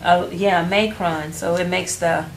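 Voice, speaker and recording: A woman's voice: on the low side, fairly even intonation, measured pace. Woman teaching, distant in a roomy class. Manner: patient, prompting students, restarting phrases. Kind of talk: classroom phonics lesson. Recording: roomy, distant, faint background noise.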